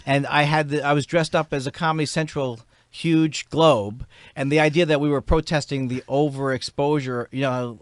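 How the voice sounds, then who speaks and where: A middle-aged man from New York with a New York accent, a comedian rambling and joking about himself in a podcast chat, sometimes jumping into loud high bits. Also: no room sound. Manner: rambling, self-mocking, bursts into shouted high-pitched bits. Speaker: comedian guest.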